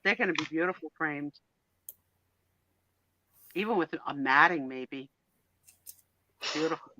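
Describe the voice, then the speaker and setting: Chatty bright-voiced woman storyteller. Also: low-pitched, measured pace, dry recording, dull audio. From New Jersey. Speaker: co-host of live sale stream. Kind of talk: casual storytelling chat.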